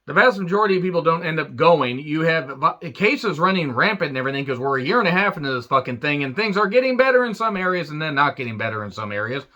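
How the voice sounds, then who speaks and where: A man's voice: fairly high pitch, expressive, quick pace, hardly any pauses, bright, forceful tone, highs cut off. A man ranting through a wrestling show recap with sarcastic crude jokes and frequent swearing.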